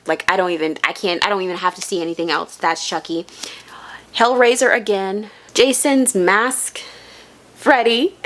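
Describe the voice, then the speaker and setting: A woman chatting casually in a book unboxing vlog, rambling and excitable, with lots of "like" fillers. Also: medium pitch. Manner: chatty and rambling, heavy use of "like". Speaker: book vlogger.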